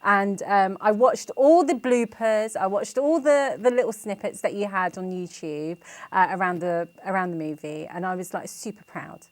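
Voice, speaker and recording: A woman's voice: mid-range voice, normal speed, hardly any pauses, no echo. A woman hosting a TV interview show in a bubbly, giggly, effusive way. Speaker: TV show host.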